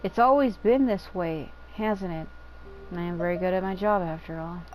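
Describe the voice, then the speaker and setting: A woman's voice: lowish voice, moderate pace, darkish tone, a little hiss or hum, lightly acted, poor audio. A woman voicing a solemn, dutiful female spirit while reading game dialogue aloud, in an odd formal accent she slips into. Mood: resigned. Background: game music.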